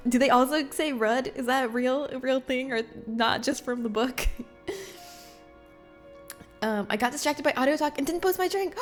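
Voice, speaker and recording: A bubbly young woman streaming live, her voice pitched a little high as she jokes about herself and breaks into laughter. Faint music plays softly behind her talk. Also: moderate pace. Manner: bubbly, self-mocking, often laughing; reads chat messages aloud. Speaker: livestream host. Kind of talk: casual chat with chat readers.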